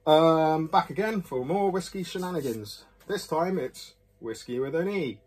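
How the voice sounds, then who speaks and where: A man's voice: fairly high pitch, unhurried, few pauses, darkish tone, slightly rough. A man, casually reviewing a whisky in a rambling, jokey, self-mocking way with many fillers.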